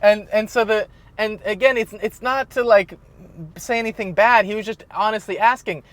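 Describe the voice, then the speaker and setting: A man's voice: sits high, fairly even intonation, moderate pace, a bit bright. A man hosting a podcast in casual chat, rambling and laughing often as he tells a story. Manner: rambling, laughs often while telling stories. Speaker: podcast host.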